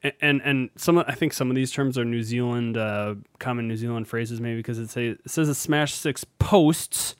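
A man's voice: mid-range voice, normal speed, few pauses, clear, resonant tone, no echo. A man co-hosting a casual podcast chat, rambling with restarts and laughing often. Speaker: podcast co-host.

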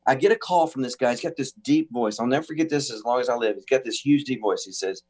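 Man, from the US, talk-show guest, animated storytelling, acts out quotes, medium pitch. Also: fast talker. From United States. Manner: frequent restarts and laughter. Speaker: guest musician.

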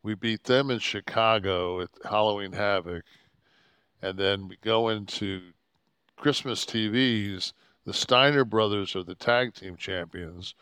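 A man's voice: on the low side, measured pace, clear, resonant tone, dry recording, clean studio sound. A man in his sixties, a podcast host, telling a rambling, profane road story and acting out the people in it. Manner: profane, rambling, animated quoting of others. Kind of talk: casual storytelling.

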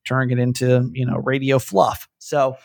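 A man's voice: medium pitch, monotone, normal speed, darkish tone, no echo, clean studio sound. A man hosting a podcast, talking with a light Southern American accent in a rambling, self-interrupting way, often chuckling. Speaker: podcast host. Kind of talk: casual podcast chat.

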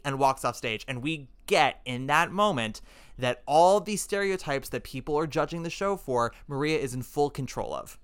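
A man hosting a casual podcast, animated and enthusiastic as he tells stories and acts out the quotes. His voice is bright and forward, with a smooth, clean tone. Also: mid-range voice, normal speed. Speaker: podcast host.

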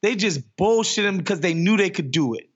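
A man's voice: high-pitched, lively intonation, normal speed, breathy edge, lo-fi sound. A man co-hosting a podcast in casual chat, ranting with profanity and rising exclamations. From New York. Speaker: podcast co-host.

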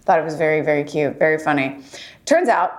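This podcast co-host has a deep, expressive voice and talks fairly quickly. Bubbly and prone to giggling, she casually recaps an episode, laughing frequently along the way.

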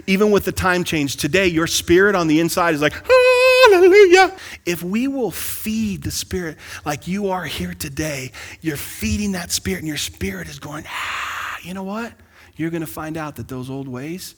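Preaching pastor in a reverberant church. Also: male voice, high voice. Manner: preaching with rising bursts of excitement and congregation call-outs. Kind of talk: sermon. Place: large church sanctuary. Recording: long hall reverb.

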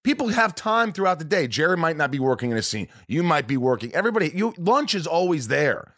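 A male podcast host chatting casually, lively and joking. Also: on the high side, fast talker, no room sound, studio quality.

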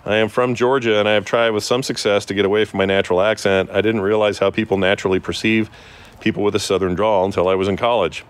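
A man's voice: fairly low pitch, level tone, fast, clean tone. A man co-hosting a casual podcast, joking and rambling as he reads listener emails aloud. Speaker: podcast co-host. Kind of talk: casual chat.

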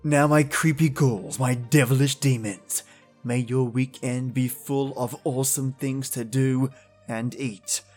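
A man's voice: mid-range voice, fairly even intonation, a little slow, a little mellow, faint music behind. A man hosting a horror podcast, telling urban legends in theatrical, chatty scripted narration. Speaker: podcast host and storyteller.

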